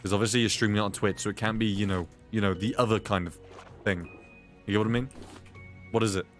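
A man's voice: on the low side, fairly even intonation, quick pace, soft background music. A young British man streaming a survival game, reading chat aloud and cursing at what happens on screen. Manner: swears often, reads chat aloud, blurts reactions. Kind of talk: casual gameplay chat.

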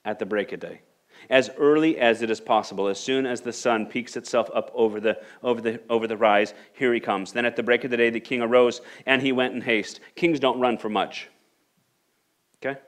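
A man's voice: medium pitch, steady tone, a little fast. A male pastor preaching a sermon, reading scripture aloud and building to emphatic rhetorical questions. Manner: repeats and restarts phrases while reading scripture aloud.

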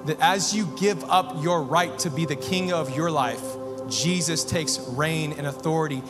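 A man's voice: a little high, a little slow. A man in his thirties preaching a sermon as pastor, earnest and building to fervent, repeated phrases. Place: church sanctuary. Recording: long church hall reverb with music behind.

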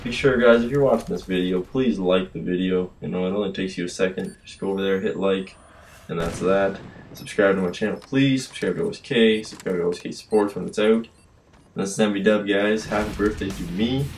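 A man's voice: deep voice, a little fast. A tired, tipsy young man rambling through casual game commentary, trailing off and yawning late at night, recorded on a built-in computer mic. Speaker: gaming commentator. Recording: faint hiss from a built-in mic. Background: game gunfire.

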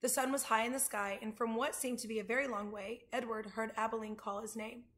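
A woman reading a children's chapter book aloud, pausing to show pictures to her listeners. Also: on the high side, fairly even intonation, fairly bright tone. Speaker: reader.

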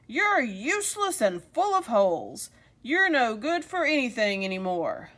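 A woman's voice: medium pitch, expressive, a little slow, close to an everyday voice. A woman voicing a grumbling old man who frets and argues with his hat. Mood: scolding. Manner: talks to himself, fretful back-and-forth.

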